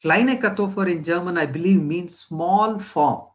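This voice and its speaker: A man's voice: sits high, measured pace, muffled recording. A man giving a lecture in a conversational way, often checking in with his listeners. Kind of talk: spoken lecture.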